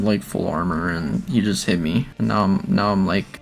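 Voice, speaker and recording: A young man casually talking through a zombie game he is playing, rambling between bursts of excitement. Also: fairly low pitch, moderate pace, few pauses, faint music behind. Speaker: gaming video creator. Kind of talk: casual gameplay commentary.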